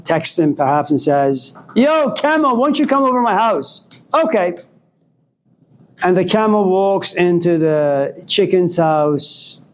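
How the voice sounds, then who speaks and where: A man's voice: on the high side, slight background noise. A man giving a philosophy lecture to a class, telling stories and acting out the voices in them. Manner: animated storytelling, acts out quoted voices.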